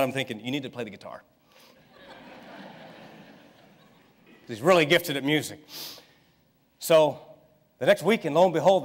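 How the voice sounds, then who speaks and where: A man in his thirties preaching a sermon, telling a family story in a lively way and acting out the people in it. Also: mid-range voice. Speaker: pastor. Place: church sanctuary. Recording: long hall reverb in a church.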